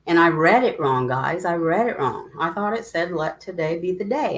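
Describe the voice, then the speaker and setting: A woman's voice: on the low side, lively intonation, moderate pace, few pauses, low-quality recording. A middle-aged woman hosting a casual livestream chat, talking in a rambling, emotional way and greeting viewers by name. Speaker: livestream host.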